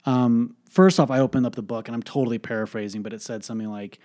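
A man's voice: medium pitch, fairly even intonation, quick pace, darkish tone. Profane, emphatic male podcast host. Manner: profane, emphatic storytelling with many fillers. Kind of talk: candid podcast monologue.

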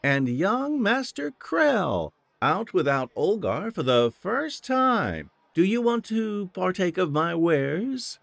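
A flirtatious middle-aged tavern keeper woman, put on by a male narrator in a storybook reading. Her voice rides high and lively, full of sly teasing and a sultry edge. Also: takes it slowly, vocal fry, hardly any pauses, no echo, heavily acted.

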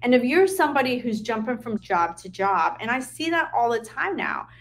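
Woman, occupational therapist, candid advice, swears casually, higher voice. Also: very animated, moderate pace, slight background noise. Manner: frank and emotional, swears casually. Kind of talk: candid unscripted advice talk.

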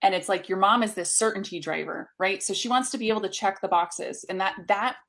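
A woman's voice: mid-range voice, a little fast, creaky, a bit bright. A woman coach being interviewed, speaking in an upbeat, emphatic way and explaining with examples. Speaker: guest, coach. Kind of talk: conversational interview.

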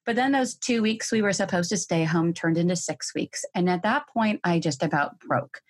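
Candid, expressive woman podcast host. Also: fairly low pitch, moderate pace. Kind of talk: solo podcast monologue.

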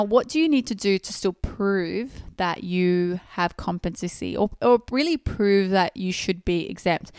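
A woman's voice: medium pitch, dry recording, clean studio sound. A woman from Australia, hosting a podcast and explaining rules step by step in plain terms. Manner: clear, methodical explaining with pauses to rephrase. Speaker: podcast host.

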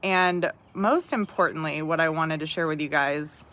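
A woman's voice: sits low, normal speed, a bit bright. A woman in her thirties hosting a podcast, sharing personal reflections with listeners in a heartfelt way, often restarting phrases and asking "right?". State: tearful at times. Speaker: podcast host.

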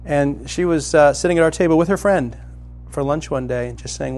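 A middle-aged man preaching a sermon as a pastor, telling a personal story and climbing to loud, excited emphasis. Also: on the high side, fairly quick, few pauses, a little hiss or hum.

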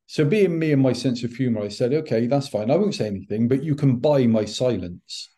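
A middle-aged man, a podcast guest, telling a personal story in an animated way and acting out the dialogue. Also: medium pitch, a little fast. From United Kingdom. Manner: animated, acts out quoted dialogue. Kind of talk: anecdotal storytelling.

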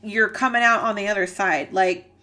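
A woman's voice: medium pitch, steady tone, normal speed, bright, forceful tone. A woman giving a channeled reading, earnest and emotional, rambling and searching for words with many fillers. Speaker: psychic reader.

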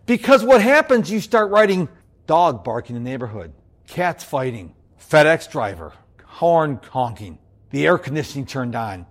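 Bouncy, high-pitched man. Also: normal speed. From United States. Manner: bouncy and upbeat, always energetic. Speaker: productivity speaker and podcast host. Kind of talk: motivational talk to an audience.

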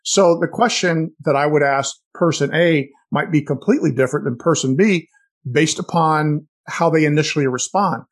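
Husky, animated man telling sales stories. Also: on the high side, moderate pace. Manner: animated, storytelling, frequent restarts. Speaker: podcast co-host. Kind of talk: casual sales chat.

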